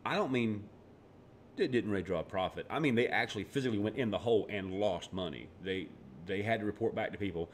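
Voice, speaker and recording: A man with a lowish voice rants sarcastically through casual political commentary. He often stumbles and restarts his words, and a faint low rumble sits underneath. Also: fast talker. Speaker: vlogger.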